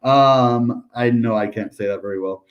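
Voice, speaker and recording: American dude going over crypto charts on stream, casual and upbeat, lots of ums. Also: male voice, mid-range voice, normal speed, highs cut off. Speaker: crypto channel host. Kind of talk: casual chart analysis livestream.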